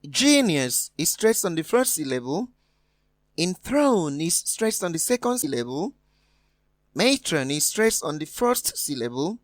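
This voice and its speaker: A woman leads an exam-preparation lesson at an unhurried, careful pace, spelling out words and repeating them. Her pitch moves in wide, lively swings as she stresses each answer. The voice sounds dry and close to the mic. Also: dry recording. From West Africa. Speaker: teacher.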